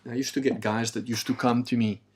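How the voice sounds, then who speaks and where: A man hosting a livestream, chatting casually and bluntly, swearing freely and mimicking other people in high, mocking voices. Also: fairly even intonation, quick pace, darkish tone, slightly rough. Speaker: livestream host; martial arts trainer.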